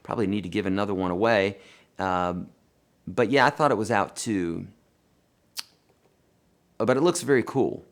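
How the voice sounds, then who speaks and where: A man hosting a live guitar lesson and Q&A, chatty and animated, talking to viewers as friends and reading their questions aloud. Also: fairly low pitch, moderate pace, pauses often. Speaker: guitar teacher hosting a livestream.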